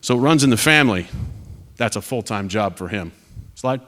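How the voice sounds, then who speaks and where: Animated and sharp-toned, with a voice on the low side, a man in his forties speaks at a moderate pace. He is a retiring Air Force officer from the United States, earnestly sharing stories over slides with students at a panel, peppered with wry comments.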